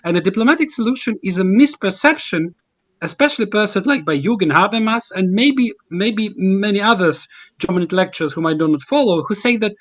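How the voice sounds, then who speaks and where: A man's voice: high-pitched, expressive, fairly quick, a bit bright. A man from Ukraine, speaking as a guest commentator in a panel discussion, earnest and emphatic, with frequent restarts.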